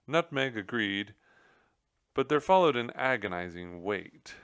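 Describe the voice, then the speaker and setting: A man narrates a children's book aloud in a gentle storytelling manner. His voice is deep and his pace slow. The sound is dry and close. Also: animated, smooth, no room sound.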